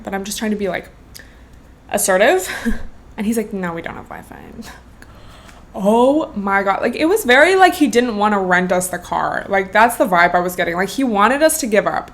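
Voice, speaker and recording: A young woman hosts her own podcast and chats her way through a story. Her talk is loose and filled with "like" and "bro", with swearing dropped in casually. Her voice sits at a middle pitch for a woman. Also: expressive, a little fast, fairly bright tone. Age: 20s. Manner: chatty, swears freely, lots of "like" and "bro". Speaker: podcast host.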